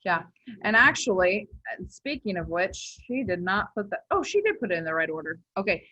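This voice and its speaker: A woman's voice: mid-range voice, very animated, a little fast, sharp tone, highs cut off. A young woman teaching a class in a casual, chatty way, full of filler words and self-corrections. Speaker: instructor.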